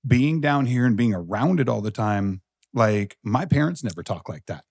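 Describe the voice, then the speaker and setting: A man's voice: medium pitch, lively intonation, normal speed, a little mellow, no room sound, clean studio sound. A man with a Southern US accent co-hosting a podcast, talking in a blunt, profane, laid-back way. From Colorado-born, raised in the US South. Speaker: podcast co-host. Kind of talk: casual podcast chat.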